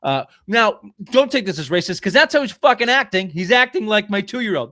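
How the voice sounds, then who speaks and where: A man's voice: sits high, big pitch swings, a little fast, few pauses, bright, forceful tone, no echo, studio quality. Ranting, profane man in sports chat. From Boston area. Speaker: podcast co-host.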